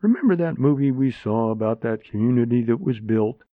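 A man's voice: mid-range voice, expressive, a little fast, no echo, lightly acted. A man voicing a chatty, amused older man in a storybook reading. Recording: narrow phone-like sound, dry.

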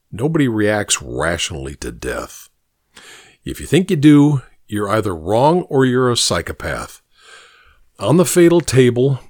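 A man's voice: medium pitch, dry recording. A man narrating a first-person story in a dry, wry way.

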